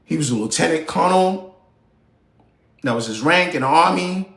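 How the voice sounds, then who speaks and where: A man's voice: fairly high pitch, lively intonation, normal speed, gravelly, a bit bright, reverberant. A man hosting a live show, ranting about politics in a heated, slangy, profane way. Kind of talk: casual political rant.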